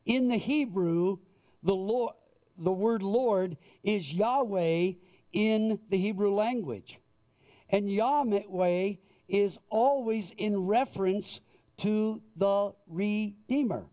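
Slow, high-voiced male preacher. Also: dark tone. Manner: slow, deliberate scripture reading. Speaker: pastor. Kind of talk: sermon.

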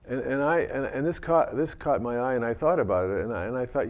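A man giving a Buddhist dharma talk, gentle and reflective, often restarting his sentences. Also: medium pitch, lively intonation, brisk. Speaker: Buddhist teacher.

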